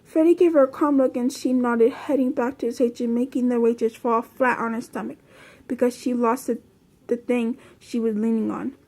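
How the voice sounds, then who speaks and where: A woman's voice: a little high, fairly even intonation, moderate pace, a little mellow. A woman reading a fan story aloud from a phone, in a plain, unpolished way with restarts. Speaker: reader.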